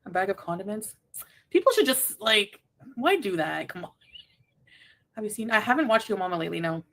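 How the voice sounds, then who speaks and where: A woman's voice: medium pitch, expressive, brisk, creaky, a bit bright. Rambling woman on a live stream. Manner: rambling, reads chat aloud, laughs often. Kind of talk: casual chat.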